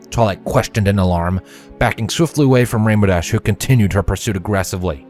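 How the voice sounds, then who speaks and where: A man reading a story aloud in an expressive storybook narration style. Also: on the low side, fairly quick, soft background music. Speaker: fanfiction reader.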